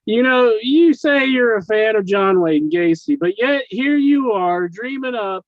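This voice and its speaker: Give me a podcast co-host with a fairly high, lively voice who rambles earnestly through his stories. His mic sounds a little dull and lo-fi, with a dry close sound. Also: measured pace, no room sound. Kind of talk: casual wrestling podcast chat.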